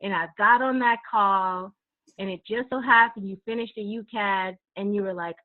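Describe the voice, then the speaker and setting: A woman's voice: medium pitch, steady tone, normal speed. A woman in her thirties calling in from home, gushing and laughing as she tells her story, close to tears. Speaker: caller. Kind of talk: emotional call-in thanks. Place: home, dim room. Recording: tinny phone line.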